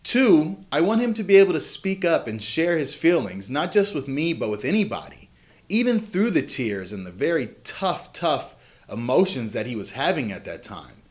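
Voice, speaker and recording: A man's voice: fairly high pitch, sing-song, normal speed. A man in his thirties, a father and vlog host, telling an earnest, candid personal story about his sons. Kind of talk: reflective personal story to camera.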